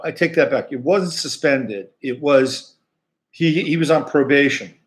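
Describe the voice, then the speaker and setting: Man, astrologer host, casual, rambling, mid-pitched, conversational. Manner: conversational, rambling, many fillers.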